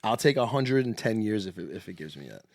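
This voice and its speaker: A man's voice: fairly low pitch, big pitch swings, fast, creaky, no echo, clean studio sound. A young man in his twenties co-hosting a podcast, chatting casually and animatedly, swearing freely and laughing often. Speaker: podcast co-host, pitching coach.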